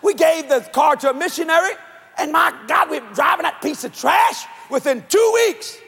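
A man preaching a sermon to a convention crowd, shouting and swinging his pitch up and down. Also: animated, normal speed. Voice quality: husky. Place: large church or convention hall. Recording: long hall reverb.

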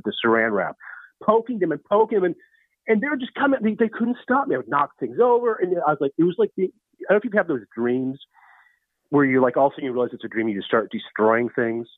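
A man in his fifties spins stories in a rambling, animated way, his pitch swinging widely. The sound is narrow and phone-like, and dry with no room echo. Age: 50s. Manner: rambling, animated, many restarts. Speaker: guest storyteller. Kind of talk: casual anecdote telling. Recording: tinny phone-like line.

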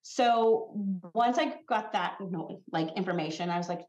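Woman, skincare founder, podcast guest, animated storyteller, echoey room. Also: on the low side, moderate pace, dull audio. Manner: animated storyteller, acts out quotes. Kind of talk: casual podcast chat.

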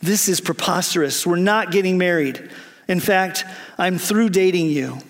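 A man's voice: high voice, normal speed. A man playing a young suitor who turns from delighted to blunt refusals. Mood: firm.

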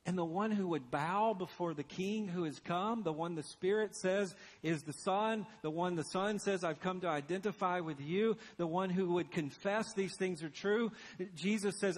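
A man preaching a sermon as pastor, earnest and urgent, dropping to a hushed intensity for emphasis. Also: high-pitched, big-room sound.

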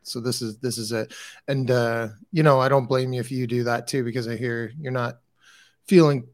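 Man, podcast co-host, casual chat, mid-pitched voice, dry close sound. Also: moderate pace, no echo. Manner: relaxed, chatty, restarts and fillers.

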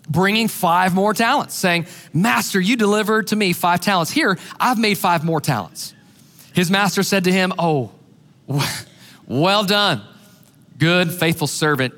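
A man preaching a sermon as pastor, animated and acting out the voices he quotes. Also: high-pitched, big-room sound.

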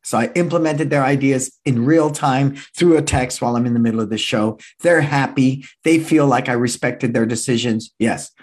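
A man of sixty with a husky, slightly rough voice delivers a motivational business talk to fellow martial arts school owners. He talks with energy and punch, repeats his key lines for emphasis, and now and then acts out other people's voices. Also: mid-range voice, normal speed, hardly any pauses, a little mellow. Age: 60s.

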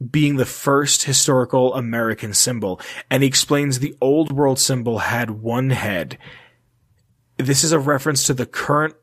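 A man hosting a casual podcast, reading notes aloud and breaking off for offhand, sometimes profane asides. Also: mid-range voice. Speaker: podcast host.

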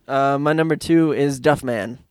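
A man's voice: mid-range voice, normal speed, darkish tone, clean tone, dry recording, studio quality. A man co-hosting a comedic podcast, laid-back and prone to giggling mid-sentence. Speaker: podcast co-host. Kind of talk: casual comedic chat.

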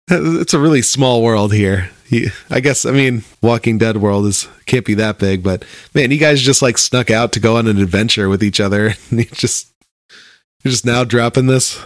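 A man's voice: mid-range voice, normal speed, no room sound, clean studio sound. A man co-hosting a casual chat about a TV show, laid-back, swearing and laughing often. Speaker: podcast co-host.

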